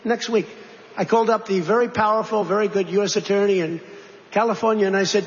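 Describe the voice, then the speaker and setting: A man's voice: high voice, fast talker. A man, a politician, giving a rambling, repetitive political speech to a crowd in a large hall. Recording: dull recording with long hall reverb.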